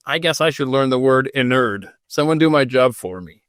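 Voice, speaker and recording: A man's voice: mid-range voice, lively intonation, normal speed, hardly any pauses, fairly bright tone, no room sound. Man hosting a casual podcast, rambling and self-mocking, dry close sound, mid-range voice. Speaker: podcast host. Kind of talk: unscripted casual chat.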